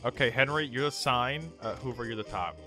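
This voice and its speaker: A young man in a casual chat with friends, loud, laughing a lot and reacting big. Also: mid-range voice, fairly quick, soft background music.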